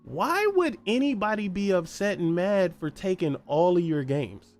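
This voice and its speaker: A man hosts a solo gaming podcast, ranting heatedly with profanity and mockery while firing off one rhetorical question after another. His voice sits high, with lively intonation and a moderate pace.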